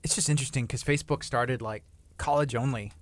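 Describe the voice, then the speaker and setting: Man, radio host with a light Texan accent, relaxed studio banter, dead-dry mic. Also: mid-range voice, fast, dry recording. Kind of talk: casual radio chat.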